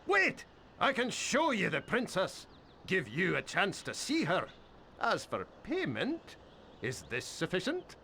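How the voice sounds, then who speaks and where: A man's voice: high-pitched, wildly swooping pitch, slow pace, gravelly, pushed and bright, exaggerated voice. A flowery, fawning old man. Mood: eager. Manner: flowery, eager to please, dramatic gasps. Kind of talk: video game voice acting.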